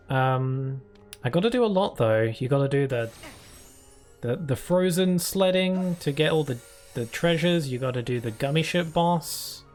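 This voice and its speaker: A man's voice: medium pitch, darkish tone. A British man streaming a video game, chatting and rambling through casual commentary with frequent giggles.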